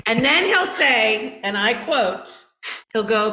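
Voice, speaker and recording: A woman's voice: medium pitch, a little slow, roomy sound, low-quality recording. A woman hosting a casual chat, asking the guest questions and teasing him. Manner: lively, teasing interviewer. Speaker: host.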